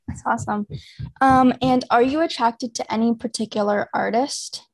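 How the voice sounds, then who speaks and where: A woman's voice: a little high, moderate pace, vocal fry. A young woman hosting a podcast interview, friendly and easygoing, with loose fillers as she talks. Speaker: podcast host. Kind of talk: casual interview.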